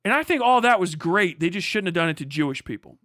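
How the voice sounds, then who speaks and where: A man's voice: sits high, expressive, fast, no room sound, studio quality. A young man streaming live from home, swearing through a heated rant and reading chat. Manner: profane, shouting mock tirade turning to muttered asides.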